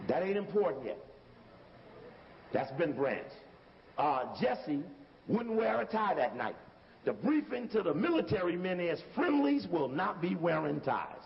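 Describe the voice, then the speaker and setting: A man lecturing with commentary over video footage, emphatic and conversational, often repeating himself. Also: sits high. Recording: dull recording from a hall with faint hiss.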